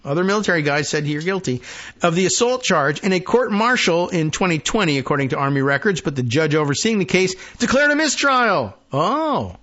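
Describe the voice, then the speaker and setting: A man's voice: fairly high pitch, sing-song, brisk, sharp tone, muffled recording. A man hosting a political talk show, reading news aloud with sarcastic asides and mock quotes. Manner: sarcastic, mocking, acts out imagined quotes.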